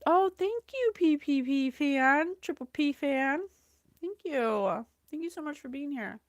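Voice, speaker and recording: Effusive chatty woman, high and slow. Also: dry recording, studio quality. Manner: chatty, effusive, laughs often, reads scripture aloud. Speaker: psychic reading host. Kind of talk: casual spiritual livestream talk.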